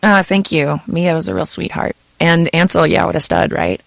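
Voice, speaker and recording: A woman's voice: fairly low pitch, fairly even intonation, moderate pace, gravelly, no room sound. A woman who narrates audiobooks, chatting loosely in an interview with lots of fillers like "kind of" and "you know". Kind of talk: casual interview answers.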